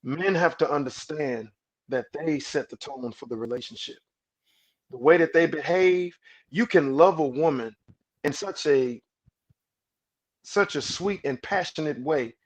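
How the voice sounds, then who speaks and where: Preachy man giving relationship advice. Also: a little slow. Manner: preachy, repeats words as he builds up; drops low and soft for quoted calming lines. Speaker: guest relationship speaker. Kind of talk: podcast conversation.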